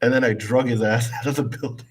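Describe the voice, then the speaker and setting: Man, co-host, casual storytelling, laid-back, middle pitch. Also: steady tone, quick pace, husky. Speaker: co-host telling weekly stories.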